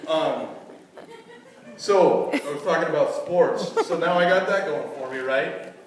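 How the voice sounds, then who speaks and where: Brief: a male stand-up comic, lively and self-mocking, fairly high voice, captured in an echoey hall. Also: measured pace. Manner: animated, self-mocking storytelling with sudden high jumps. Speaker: stand-up comedian. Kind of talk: live stand-up comedy. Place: live comedy stage at a charity event. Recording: echoey hall, distant mic, loud noise.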